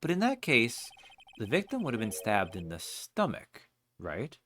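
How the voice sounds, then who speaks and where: A man's voice: mid-range voice, huge pitch swings, measured pace, a bit bright, a little hiss or hum. A man voicing an earnest young male defense lawyer who presses a witness, in a voice close to his own. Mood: pressing.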